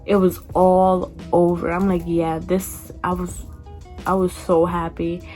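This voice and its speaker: A woman in her twenties chatting casually in a storytime vlog, acting out quoted people in a higher voice. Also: little pitch movement, slow, warm tone, soft background music. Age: 20s. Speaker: vlogger.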